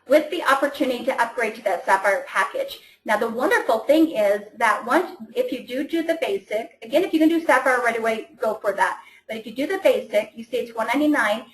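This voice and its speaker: Here a team coach runs a casual training session by call, talking in an eager, chatty way and often stumbling before starting over. She has a fairly high voice, and there's a roomy echo to the sound.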